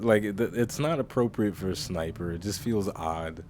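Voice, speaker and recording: A man's voice: low voice, normal speed, darkish tone, a little hiss or hum. A man casually commenting on his own strategy-game playthrough in a chatty, rambling way. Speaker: let's-play host.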